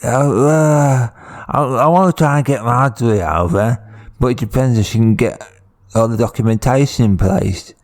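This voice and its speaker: A man voicing a scrappy young Victorian Cockney scallywag with a blunt, rough-mouthed manner in improvised comedy. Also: medium pitch, normal speed, darkish tone, close to an everyday voice. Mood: cheeky. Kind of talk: improvised comedy role-play.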